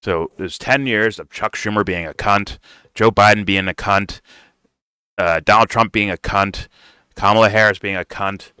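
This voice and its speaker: A man's voice: lowish voice, normal speed, sharp tone, clean tone, dry recording, clean studio sound. A man doing casual reaction commentary, blunt and profane, rambling and restarting his sentences. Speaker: reaction streamer.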